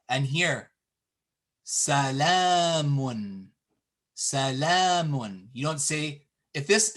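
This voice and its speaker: A man teaching a classroom lesson, explaining patiently and drawing out example words slowly. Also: a little high, a bit bright. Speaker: Arabic teacher.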